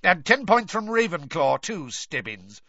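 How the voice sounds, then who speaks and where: A man's voice: mid-range voice, sing-song, measured pace, sharp tone, no echo, muffled recording, pitched above the performer's own voice. A man voicing a cold, stern teacher who speaks in a curt, clipped, snarling way.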